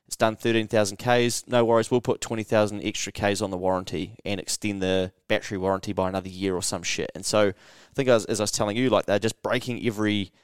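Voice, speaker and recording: A man's voice: lowish voice, flat delivery, quick pace, few pauses, smooth, no echo, clean studio sound. A young man with a New Zealand accent, casually telling a story on a podcast, swearing freely and acting out quotes with jumps in his voice. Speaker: podcast co-host.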